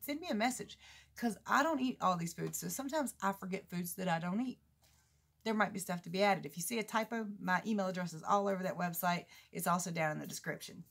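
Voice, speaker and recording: A woman's voice: fast talker, gravelly, fairly bright tone. A woman, chatting casually to camera, rambling and laughing as she talks. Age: 40s. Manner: chatty, rambling, laughs a lot, mimics others in high voices. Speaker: keto vlogger.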